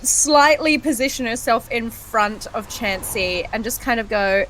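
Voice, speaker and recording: A woman's voice: a little high, measured pace, few pauses, fairly bright tone, a little hiss or hum, poor audio. A woman playing a tabletop game, chatting casually, giggly and stumbling over words. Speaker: player.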